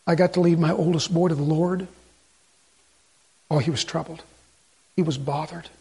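Husky-voiced preacher man, high and impassioned. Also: fairly even intonation, normal speed. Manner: impassioned, swinging between loud urgency and hushed pleading. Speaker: pastor. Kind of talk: sermon.

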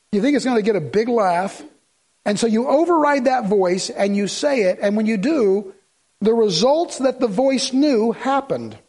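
A man's voice: high-pitched, darkish tone. A man preaching a sermon to a congregation in a folksy, rambling way with joking asides. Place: church in front of a congregation.

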